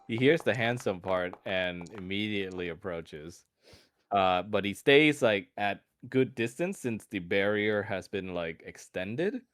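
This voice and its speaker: A man's voice: fairly low pitch, animated, measured pace, fairly bright tone, no room sound. A man running a tabletop game as game master, often laughing and doing many side voices.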